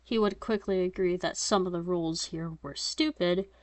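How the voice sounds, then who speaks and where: A woman reading her own story aloud in a plain, steady voice, now and then breaking into chatty, self-mocking asides. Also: fairly low pitch, normal speed, no echo.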